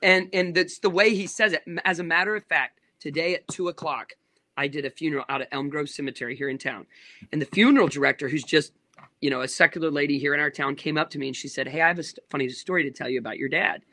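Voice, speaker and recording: A man in his thirties, a pastor, telling stories in casual conversation, rambling with quick asides and restarts. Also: fairly high pitch, pushed and bright, no room sound.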